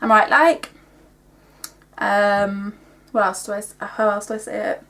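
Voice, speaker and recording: A woman's voice: mid-range voice, steady tone, a little slow, bright, forceful tone. A young woman from Wales with a Welsh accent, chatting casually in a rambling way, filling her talk with "like". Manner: chatty, rambling, heavy use of "like", laughs often. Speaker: vlogger. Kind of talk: casual chat.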